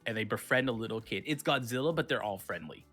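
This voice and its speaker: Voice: medium pitch, quick pace, fairly bright tone. Give me an opinionated, playful talk show host with faint music underneath. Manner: opinionated, explains own definitions at length, playful. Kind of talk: casual streamed chat.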